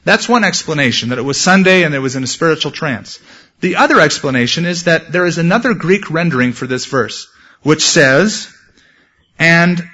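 A male pastor preaching a sermon, telling stories with lively asides and acting out quotes. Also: on the high side, moderate pace, husky. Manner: animated storytelling, shouts acted quotes. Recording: dull lo-fi sound.

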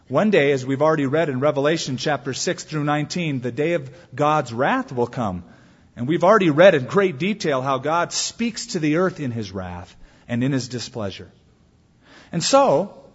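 A man pastor preaching a sermon earnestly, his voice swinging widely between loud emphatic peaks and soft low asides. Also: slightly rough. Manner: earnest preaching with wide swings in pitch and volume. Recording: long hall reverb, dull lo-fi sound.

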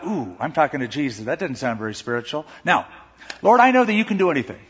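Animated preacher in a reverberant hall. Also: male voice, breathy edge. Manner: animated, acts out the sisters' words with rising pitch and emphasis. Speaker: pastor. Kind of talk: sermon. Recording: muffled recording with long hall reverb.

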